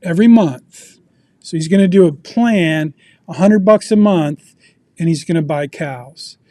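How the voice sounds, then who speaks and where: A man's voice: fairly high pitch, unhurried, mellow, no echo, clean studio sound. A man presenting a personal finance lesson to a group, telling a story and quizzing the audience as he goes. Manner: asks the audience questions, storytelling. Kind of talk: interactive teaching talk. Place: video meeting.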